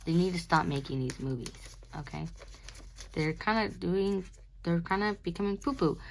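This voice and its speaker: A woman's voice: lowish voice, gravelly, a little hiss or hum. A young adult woman talks casually about her sketchbook, rambling and giggly, sleepy and yawning. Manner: rambling, giggly, self-mocking. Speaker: artist showing her sketchbook. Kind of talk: casual chat.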